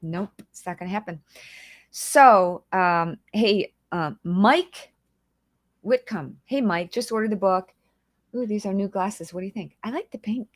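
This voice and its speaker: A woman's voice: medium pitch, a little slow, dry recording, studio quality. A woman hosting a casual livestream, chatty and emotional, greeting viewers by name and holding back tears. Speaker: livestream host.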